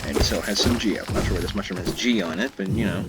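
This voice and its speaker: This gamer commentator has a deep voice and a quick pace, cracking jokes and chiding his in-game companion as he plays. Loud video game music runs behind his voice.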